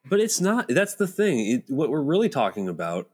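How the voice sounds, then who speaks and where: A man's voice: fairly high pitch, huge pitch swings, normal speed, a little mellow, husky. A young man talking politics with his father on a podcast, earnest and argumentative, thinking aloud. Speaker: son, podcast guest. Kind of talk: casual political chat.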